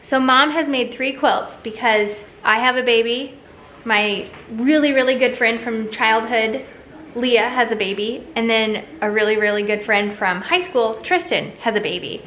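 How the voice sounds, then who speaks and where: A chatty, upbeat woman in her thirties hosts a casual family vlog. Her voice sits a little high, with a faint hiss of background noise. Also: measured pace, fairly bright tone, low-quality recording. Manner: chatty and upbeat, talks to her toddler and mother. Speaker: vlog host.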